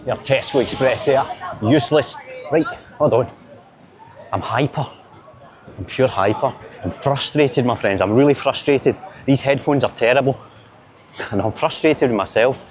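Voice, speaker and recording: A Glaswegian man talks to camera as he strolls busy city streets, cracking jokes and rambling from one thing to the next. His voice sits at a middling pitch. Faint street ambience hums behind him. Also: moderate pace, long pauses, a little hiss or hum. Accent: Glaswegian Scottish. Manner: chatty, joking, rambling banter. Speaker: vlogger filming a city walk. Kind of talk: casual walking vlog to camera.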